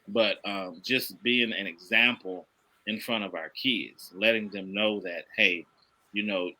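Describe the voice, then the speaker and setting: A middle-aged man with a very bright, forceful voice talks with earnest, sermon-like emphasis. He repeats his points and builds steadily from one to the next. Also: on the low side, low-quality recording. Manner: earnest, preachy, emphatic repetition. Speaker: podcast guest, father. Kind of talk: casual conversation.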